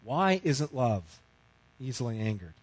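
A middle-aged man preaching a sermon, telling a story with big swings from loud outbursts to hushed, quiet lines. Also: mid-range voice, sing-song, unhurried, no echo, poor audio. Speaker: pastor.

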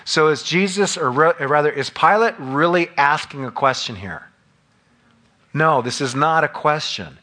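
A man's voice: a little high, animated, normal speed, sharp tone. A man preaching a sermon, reading scripture aloud and explaining it verse by verse, at times acting out the scene. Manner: expository, reads scripture aloud and acts out scenes. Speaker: pastor.

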